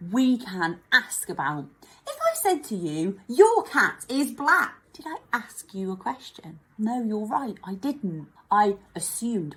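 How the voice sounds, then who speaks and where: A woman's voice: medium pitch, breathy edge. A woman teaching an online lesson for children, speaking to them directly and encouragingly. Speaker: primary school teacher.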